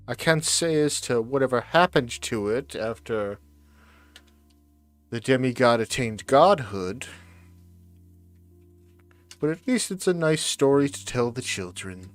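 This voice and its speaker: A man's voice: mid-range voice, lively intonation, slow, pauses often, faint music behind. A man voicing an elderly grandmother seamstress who tells old tales and calls the listener dearie. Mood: fond storytelling.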